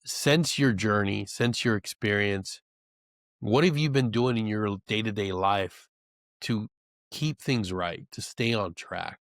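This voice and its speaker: A man hosting a podcast, asking interview questions in a slow, measured way. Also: lowish voice, no room sound, studio quality. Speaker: podcast host.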